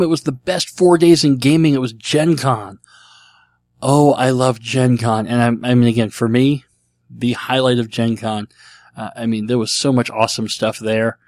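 A man's voice: medium pitch, no echo. A middle-aged man hosting a casual solo show, rambling and self-deprecating, with a dry throat. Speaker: podcast host answering listener questions.

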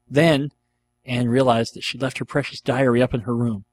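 A man's voice: mid-range voice, steady tone, moderate pace, no echo. A man reading a dramatic fan fiction aloud in an earnest, storytelling manner. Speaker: narrator.

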